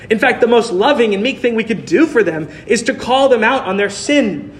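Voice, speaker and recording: A man preaching a sermon, earnest and measured, reading scripture aloud. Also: high-pitched, a bit bright.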